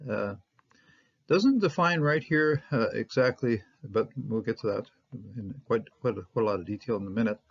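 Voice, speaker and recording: Halting man teaching, lo-fi sound. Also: on the low side, creaky. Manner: halting, many fillers and restarts, checks in with "okay?". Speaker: Hebrew Bible teacher. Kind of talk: informal lesson reading a text.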